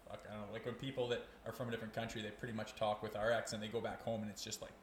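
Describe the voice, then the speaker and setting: A man's voice: on the low side, flat delivery, racing, echoey room, a little hiss or hum. A man in his thirties from Canada, a former hockey player who is the guest on a podcast, telling stories in casual chat, cursing often and laughing through them. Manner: laid-back, swears a lot, laughs through his stories.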